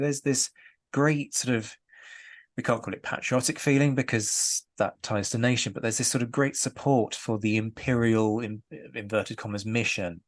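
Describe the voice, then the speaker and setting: A man hosting an interview podcast, asking long, thoughtful questions with hesitant ums. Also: medium pitch. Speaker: podcast host.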